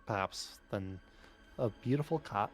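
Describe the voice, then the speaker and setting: A man's voice: fairly low pitch, measured pace, faint music behind. Guy doing a shy awkward dwarf, stammers and hesitates a lot. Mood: hesitant. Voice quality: hesitant, stammering, clears throat.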